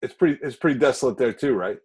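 A man's voice: medium pitch, expressive, quick pace, darkish tone. A man hosting a casual podcast, asking guests questions with easygoing banter. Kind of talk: casual chat.

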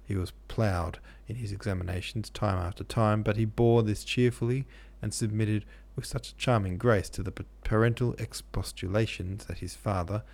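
A man narrating a classic novel in a steady, measured reading. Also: lowish voice, creaky. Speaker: podcast host and audiobook narrator.

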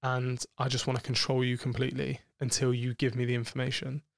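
A man's voice: medium pitch, completely flat delivery, brisk, vocal fry, dry recording, studio quality. A man, co-hosting a podcast, talking frankly and explicitly about sex in a rambling way with many fillers. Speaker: podcast co-host.

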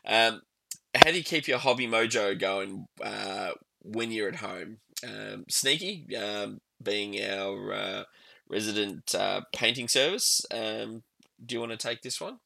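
A man's voice: on the low side, a little slow, vocal fry, sharp tone, no echo, low-quality recording. A man hosting a casual gaming podcast, moving between topics with many hesitant ums. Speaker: podcast host.

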